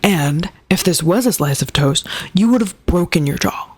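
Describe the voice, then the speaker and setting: A woman's voice: lowish voice, expressive, moderate pace. A woman book reviewer retelling a plot in a chatty way, with sarcastic asides. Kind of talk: casual book review rant.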